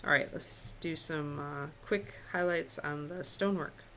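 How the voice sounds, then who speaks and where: Woman with a lowish voice, easygoing stream host talking through her brushwork. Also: unhurried, slight background noise. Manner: relaxed, chatty, thinking aloud while painting. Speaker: miniature painting instructor. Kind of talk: live-stream painting tutorial.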